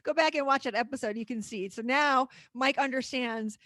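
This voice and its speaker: A woman co-hosting a podcast, pressing her points with animated emphasis and frequent laughs. Her voice is high, and the recording is dry and close with no room echo. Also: fairly quick, hardly any pauses. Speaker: podcast co-host. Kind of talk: casual chat.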